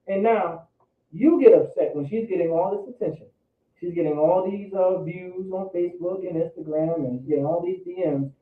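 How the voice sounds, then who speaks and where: A man with a somewhat high voice preaches a Bible lesson in loose slang, stumbling and repeating words. He sounds far from the mic in a roomy, echoing space. The audio is thin and phone-like. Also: moderate pace. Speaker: Bible class teacher. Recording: echoey room, distant phone-like mic.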